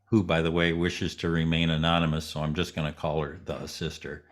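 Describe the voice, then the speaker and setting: A man, a guest in an interview, telling a story in a relaxed way and acting out the voices of the people in it. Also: very deep voice, a little fast.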